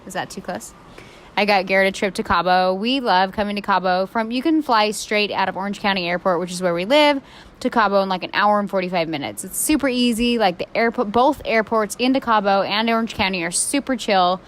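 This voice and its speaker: A woman in her thirties co-hosting a podcast, telling a story in a chatty, animated way full of "like". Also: medium pitch, fairly quick. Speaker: podcast co-host. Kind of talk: casual storytelling chat.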